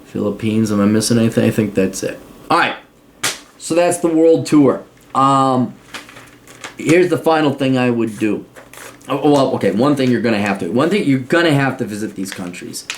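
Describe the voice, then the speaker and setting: A middle-aged man talking casually and bluntly as a podcast host, swearing freely and jumping into high mocking voices when he quotes people. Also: animated, normal speed, a little hiss or hum. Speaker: podcast host answering a listener request. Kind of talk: casual monologue.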